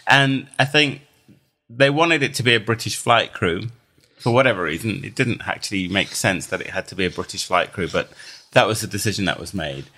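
A man with a bright, forward voice leads a casual film panel. He reasons through the screenplay in a wry, even-handed way. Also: lowish voice, a little fast.

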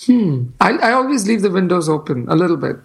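A man's voice: high-pitched, very animated, brisk, vocal fry, slightly rough. A man co-hosting a film podcast over a video call, chatting casually and joking playfully. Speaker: podcast co-host. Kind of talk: casual chat.

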